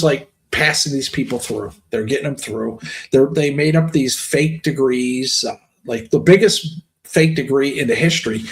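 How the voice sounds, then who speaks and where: A middle-aged man telling stories in a blunt, profane, ranting way on a casual chat show. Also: medium pitch.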